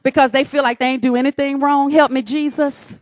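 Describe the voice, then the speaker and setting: A woman's voice: sits high, fairly even intonation, a little fast, dry recording, studio quality. A woman preaching a sermon, emphatic and calling on her congregation to respond.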